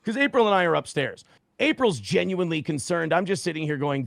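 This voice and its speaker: A man's voice: fairly high pitch, a little fast, creaky, no room sound, studio quality. A man in his forties telling a story on a stream in blunt, profane language, acting out what others said. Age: 40s. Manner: blunt, profane, animated retelling with quoted voices. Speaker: guest.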